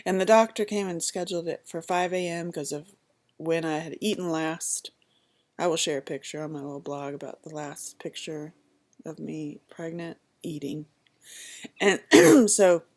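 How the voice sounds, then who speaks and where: Lowish woman's voice, thirties, animated storyteller who acts out the people she quotes. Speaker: vlogger telling her birth story. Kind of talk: casual storytelling.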